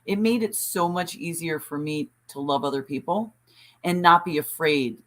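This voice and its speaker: A woman with a fairly low voice joins the chat over a lagging remote call. She speaks candidly and tells her story, often restarting and repeating phrases. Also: moderate pace. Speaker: podcast co-host. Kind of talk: casual chat. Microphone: remote call with delay.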